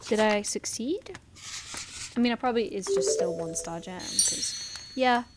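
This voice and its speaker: A woman's voice: medium pitch, unhurried, very noisy. A woman doing let's play commentary, chatty and giggly as she plays and reads the game text aloud. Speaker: gaming creator. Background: game music.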